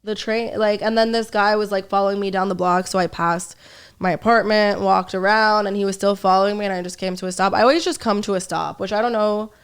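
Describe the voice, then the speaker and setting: Smooth-voiced woman telling a lively story. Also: medium pitch, brisk. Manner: lively storyteller, curses freely. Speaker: comedian guest. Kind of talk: casual podcast storytelling.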